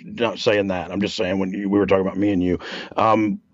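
A man's voice: low-pitched, little pitch movement, fairly quick, no room sound, muffled recording. A man co-hosting a podcast in casual chat, talking confidently and rambling, with frequent laughs. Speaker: podcast co-host, former wrestler and writer.

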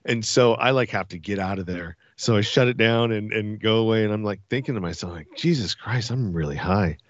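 A man telling a funny story as a podcast guest, animated and laughing as he talks. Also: lowish voice, fairly quick, highs cut off. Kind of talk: casual storytelling.

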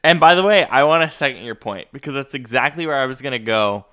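A man's voice: mid-range voice, expressive, fast talker, pushed and bright, clean tone. A young man co-hosting a casual podcast, talking emphatically and with strong opinions. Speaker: podcast co-host. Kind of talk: casual chat.

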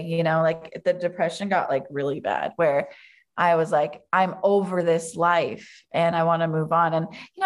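A woman's voice: on the low side, measured pace. A woman telling a personal story in conversation, candid and emotional, with many "like" fillers. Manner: candid and emotional, heavy use of "like". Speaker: guest.

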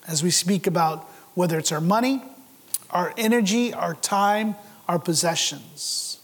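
A man with a high voice preaches a sermon, pressing his congregation with earnest rhetorical questions. His words ring through a church sanctuary, and a long hall reverb trails each phrase. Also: unhurried, breathy edge. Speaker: pastor.

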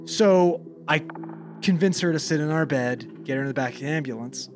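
A man's voice: fairly high pitch, normal speed, a little hiss or hum. A young man, a paramedic, casually telling a call story, swearing freely and acting out the dialogue.

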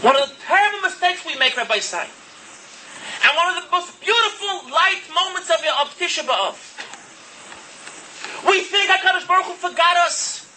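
A man's voice: extremely high pitch, expressive, normal speed, long pauses, bright, forceful tone, a little hiss or hum, poor audio. A man delivering an earnest, impassioned sermon, mixing Hebrew terms into his English. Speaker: religious speaker.

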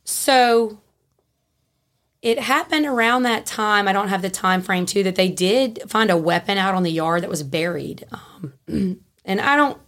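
A woman, a podcast guest telling a story in a frank, animated way and laughing easily. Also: medium pitch, a little slow. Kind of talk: casual storytelling.

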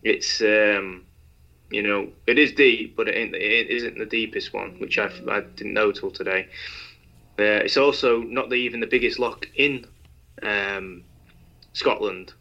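A man's voice: fairly low pitch, fairly even intonation, measured pace, creaky, bright, forceful tone, muffled recording. A man co-hosting a podcast, speaking hesitantly with lots of fillers in casual chat. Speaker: podcast co-host.

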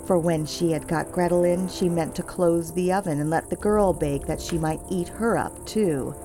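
A woman narrating a fairy tale in a measured, expressive storytelling voice. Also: on the low side, over music.

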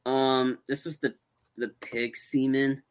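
A man co-hosting a podcast, giving a casual, rambling, animated retelling of a movie with many restarts. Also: mid-range voice, takes it slowly, smooth. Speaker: podcast co-host. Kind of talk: casual movie recap chat.

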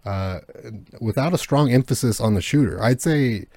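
A man's voice: mid-range voice, expressive, normal speed, darkish tone, no room sound. A man co-hosting a podcast in casual chat, rambling with lots of fillers and restarts and swearing freely. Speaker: podcast co-host.

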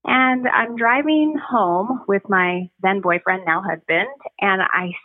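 A woman giving a personal testimony as a podcast guest, speaking earnestly and reflectively, with frequent pauses and restarts. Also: mid-range voice, no echo. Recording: tinny phone line, dry.

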